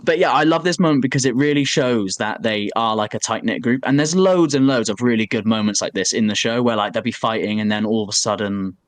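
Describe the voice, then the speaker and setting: A man on a podcast, chatting casually and telling an animated story full of swearing and "like" fillers. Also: mid-range voice, fairly quick, hardly any pauses, no echo. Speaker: podcast co-host. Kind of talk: casual chat.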